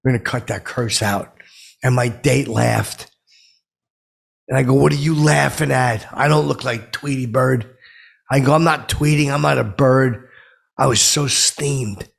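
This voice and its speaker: A man performs a comic monologue as a touchy, self-important middle-aged man rambling indignantly, in a gravelly, husky voice. His pitch is medium, his pace unhurried, and the voice exaggerated.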